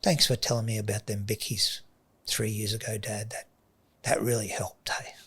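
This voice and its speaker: A man voicing his shy young son, gentle and earnest, asking soft, hushed questions. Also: fairly low pitch, little pitch movement, normal speed, slightly rough. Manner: soft, hushed and pleading, often whispered.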